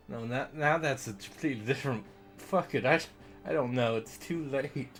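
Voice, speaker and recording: A man's voice: medium pitch, lively intonation, brisk, faint music behind. A man streaming a game, rambling and self-deprecating in casual commentary, swearing now and then.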